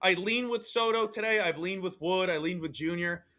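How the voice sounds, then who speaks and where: Male co-host, high bright voice, loose rambling chat about bets. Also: normal speed, slight background noise. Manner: rambling, animated storytelling with laughs. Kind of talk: casual sports betting podcast chat.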